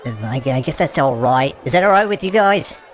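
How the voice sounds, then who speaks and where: Man as a crude, stubborn English protester; belligerent, stammers, mid-pitched, comedy sketch. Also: lively intonation, normal speed, some chatter behind, lightly acted. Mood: grudging.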